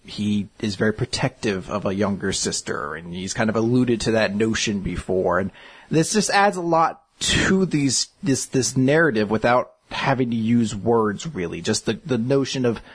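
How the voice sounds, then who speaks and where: A man co-hosting a casual podcast, giving thoughtful comic commentary, often pausing and restarting his words. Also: fairly low pitch, lively intonation, husky. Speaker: podcast co-host. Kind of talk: casual manga discussion.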